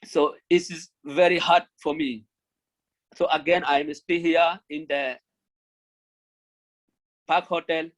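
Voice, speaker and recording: Pleading man from Myanmar, halting English. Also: fairly high pitch, flat delivery, low-quality recording. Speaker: refugee speaker. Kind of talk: speech at an online launch event.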